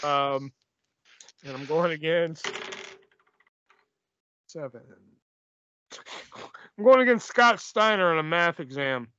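A man's voice: a little high, takes it slowly, long pauses, fairly bright tone, clean tone, no room sound. A man hosting a casual podcast, loose and joking. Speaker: podcast host. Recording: dull, dry lo-fi audio.

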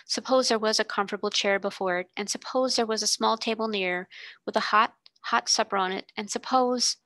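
A woman voicing a young girl who speaks in a low, quiet, grave way. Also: steady tone, fairly quick, dry recording, lightly acted. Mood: sad.

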